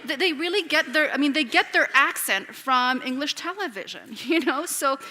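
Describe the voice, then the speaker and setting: A woman, an author taking questions at a public talk, speaks in an animated way with frequent restarts and "you know.". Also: high-pitched. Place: lecture hall with an audience. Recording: long hall reverb.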